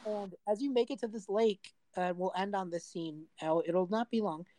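A woman's voice: medium pitch, normal speed, dark tone. A young adult woman narrating a tabletop game as game master in a casual, rambling way with many fillers.

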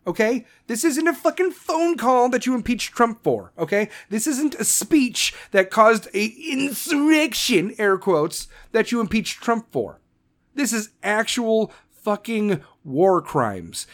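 A podcast host ranting angrily, swearing heavily and firing off questions in a heated rant. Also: male voice, high voice, big pitch swings, a little slow. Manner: angry, profane, heated ranting. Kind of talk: political rant.

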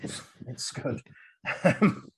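A male podcast host recapping a film in casual chat, rambling with fillers and acting out quotes. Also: drawn-out words.

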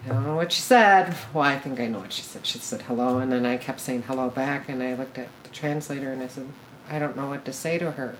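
A woman's voice: very deep voice, fast talker, hardly any pauses, a little hiss or hum, rough recording. A middle-aged woman telling her story as a podcast guest, candid and blunt, cursing now and then and laughing at herself. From born in Korea, raised in Minnesota. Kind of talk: casual storytelling interview.

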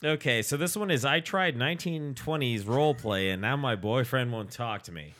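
A man's voice: medium pitch, moderate pace, fairly bright tone, soft background music. A man co-hosting a casual comedy podcast, joking and reading a listener's letter aloud. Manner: joking, reads listener letters aloud, does silly voices. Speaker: podcast co-host.

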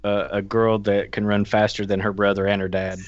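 A man's voice: fairly low pitch, flat delivery, brisk, dull audio. A man in casual chat, teasing and telling crude jokes.

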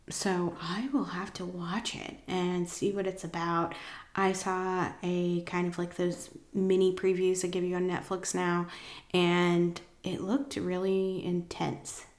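A woman hosting a casual podcast, chatting enthusiastically and rambling a bit about TV shows. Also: lowish voice. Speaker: podcast host. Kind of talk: casual chat, reviewing TV shows. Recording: roomy echoey room.

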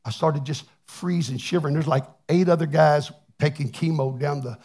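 A man's voice: on the high side, normal speed, a little mellow. Folksy preacher man. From Texas. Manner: plainspoken, folksy, repeats words as he restarts. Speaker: pastor. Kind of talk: testimony sermon.

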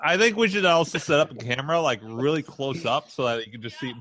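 A man co-hosting a podcast, telling deadpan jokes in casual chat. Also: medium pitch, fast talker. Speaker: podcast co-host.

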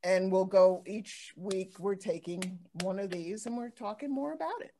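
A woman hosting a casual talk show, telling stories in an animated way with many restarts and fillers. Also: medium pitch, normal speed. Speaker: podcast host. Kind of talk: casual chat.

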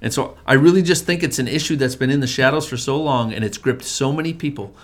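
A man's voice: medium pitch, fast. A middle-aged man, a family pastor, earnestly telling his testimony in casual conversation, often restarting and repeating words. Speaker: family pastor, men's group leader.

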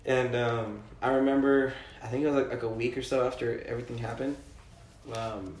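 Laid-back young man, quick talker. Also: medium pitch, steady tone, a little mellow, reverberant, slight background noise. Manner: laid-back, quick reactions, many "like" fillers. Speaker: conversation partner. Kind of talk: casual chat.

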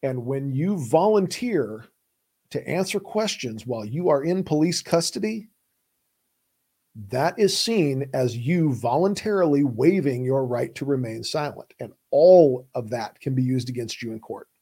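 A man's voice: medium pitch, lively intonation, a little slow, warm tone, slightly rough. A man who hosts the show and works as a criminal defense lawyer, explaining legal rights in an emphatic, plain-spoken, urgent way. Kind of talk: casual explainer talk.

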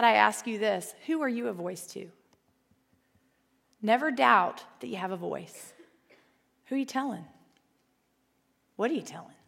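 A woman teaching a Bible lesson to a group in a large room, earnest and playful, with asides to her listeners and a storybook reading. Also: fairly high pitch. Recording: long hall reverb.

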